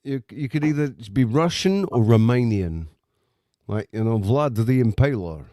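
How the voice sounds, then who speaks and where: A man's voice: medium pitch, expressive, normal speed, dark tone, dry recording. A man hosting a casual chat, with dry, sarcastic remarks and frequent swearing.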